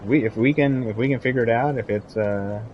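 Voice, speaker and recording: A man's voice: medium pitch, fairly quick, muffled recording, a little hiss or hum. A young man streaming a video game, chatting casually with his viewers and cheering on his in-game companion. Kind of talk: casual gameplay commentary.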